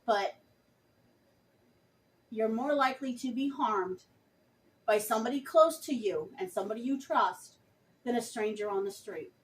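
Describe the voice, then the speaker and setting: A woman's voice: on the high side, unhurried, pauses often, far from the mic, poor audio. A woman vlogger speaking passionately and emphatically, addressing her viewers directly. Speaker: vlogger reviewing a book. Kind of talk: earnest direct-to-camera talk.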